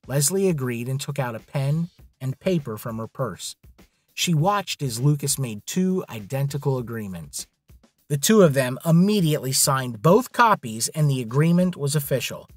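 A man's voice: medium pitch, sing-song, moderate pace, no room sound, soft background music. A man narrating a scripted drama story in a dramatic storytelling manner.

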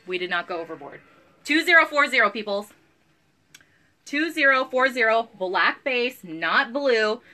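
Woman, 30s, bubbly live seller; bright, lively, slightly high voice. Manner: bubbly, chatty, giggly, uses y'all. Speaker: live online clothing seller. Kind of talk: live sales stream chat.

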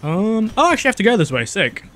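A man giving casual gameplay commentary, excitable, talking to himself with gasps, restarts and sudden outbursts. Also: high-pitched, fast talker. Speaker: gaming YouTuber.

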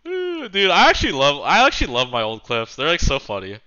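A young man streaming, chatting casually in an animated, slangy way. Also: mid-range voice, fast, dull audio.

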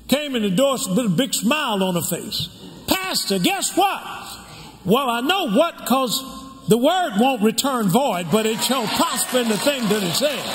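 An older man preaches from the pulpit in a strikingly high voice that leaps up and down as he goes. He keeps throwing questions to the congregation for them to finish. His voice rings through a large reverberant hall over a steady bed of background noise. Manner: call-and-response preaching, asks the congregation to finish lines. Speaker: pastor. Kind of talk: sermon. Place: church sanctuary.

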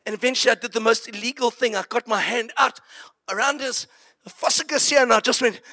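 Guy preaching, high gravelly voice, acts the story out. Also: quick pace. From South Africa. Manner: animated, acting out a story. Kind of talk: sermon storytelling.

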